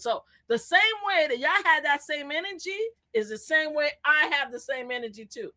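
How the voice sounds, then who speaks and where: A woman calling in as a guest on a live stream, talking loud, animated and sassy in casual political chat. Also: high voice, moderate pace, few pauses. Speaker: guest commentator.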